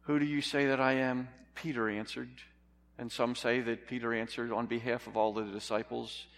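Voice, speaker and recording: A man's voice: medium pitch, level tone, moderate pace. Man preaching in a reverberant hall. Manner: earnest, emphatic preaching with rhetorical questions to the congregation. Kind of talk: sermon.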